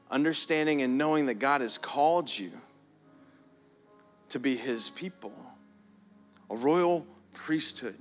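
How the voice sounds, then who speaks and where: A man preaching a sermon as pastor in a church, earnest, often repeating words and stretching them out for emphasis. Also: a little high. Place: church hall. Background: soft keys playing.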